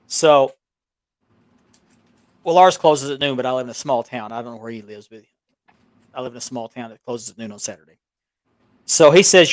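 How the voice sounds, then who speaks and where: A man's voice: medium pitch, moderate pace, long pauses, no echo. Man telling a long story, dry sound. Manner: rambling, frequent restarts and chuckles. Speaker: belt collecting show co-host. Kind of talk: casual storytelling chat. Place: small town home. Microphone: remote call with audio delay.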